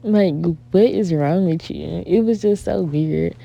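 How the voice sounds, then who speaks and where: Gravelly low-voiced woman vlogger chatting. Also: unhurried. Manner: animated, exasperated storytelling, addresses viewers as y'all. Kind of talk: casual storytime chat.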